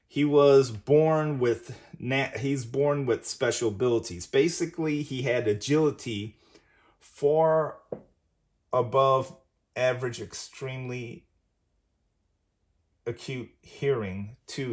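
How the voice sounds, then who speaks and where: Guy rambling through a comic review, mid-pitched, keeps saying basically. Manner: rambling, says "basically" often. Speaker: comic book reviewer, host.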